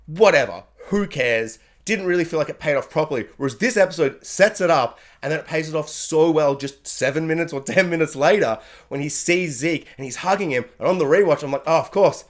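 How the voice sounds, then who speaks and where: A man giving an animated, excited spoken review, often acting out characters' lines. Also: fairly quick, hardly any pauses. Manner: animated, acts out character lines with sudden high yelps. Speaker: anime reviewer.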